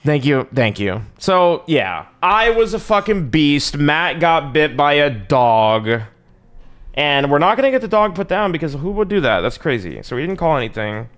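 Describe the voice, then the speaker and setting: A man's voice: on the high side, very animated, moderate pace, fairly bright tone. A young man chatting casually on a live game stream, rambling and swearing, calling his viewers bro. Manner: rambling, profane, says bro a lot.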